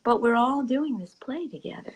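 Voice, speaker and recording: A woman giving a reflective spiritual talk. She speaks softly and intimately, often sinking to a whisper, and laughs easily. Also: high voice, moderate pace, noisy background. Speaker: spiritual teacher.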